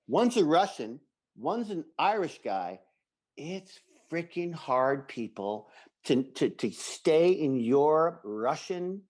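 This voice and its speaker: A man's voice: fairly high pitch, a little mellow. A man co-hosting a casual podcast chat, enthusiastic and acting out quoted lines of dialogue. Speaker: podcast co-host.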